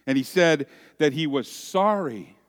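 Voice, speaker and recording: A pastor preaching a sermon, telling a story dramatically and dropping at times to a hushed voice. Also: male voice, on the high side, animated. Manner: slow, dramatic storytelling that swings from loud to hushed. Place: church sanctuary. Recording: long reverb of a church hall.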